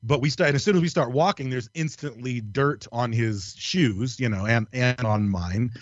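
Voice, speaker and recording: A man tells a story with a guest's loose energy, swearing freely and laughing along with himself. His voice sits at a middling pitch. The recording is dry and a little dull. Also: moderate pace, dry recording. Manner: animated, profane, laughs through his story. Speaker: podcast guest. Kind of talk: casual storytelling.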